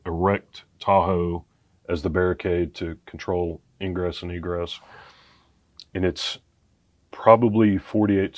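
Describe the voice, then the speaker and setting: A male podcast guest with a very deep voice tells a story in an earnest, plain-spoken way. The sound is close and dry, with no room echo. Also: dull audio. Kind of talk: personal storytelling in a chat.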